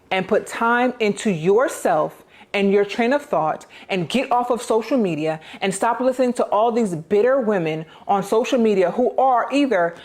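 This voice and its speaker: A woman's voice: medium pitch, darkish tone. Preachy woman lecturing her viewers. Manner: preachy, repetitive. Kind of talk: lecturing social media monologue.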